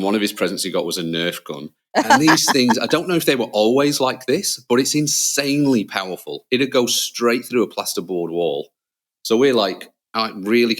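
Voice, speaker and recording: A man, a father, co-hosting a podcast, telling stories in lively casual chat and acting out scenes with loud shouts. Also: on the low side. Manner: animated storyteller, acts out scenes with loud shouts. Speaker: podcast co-host.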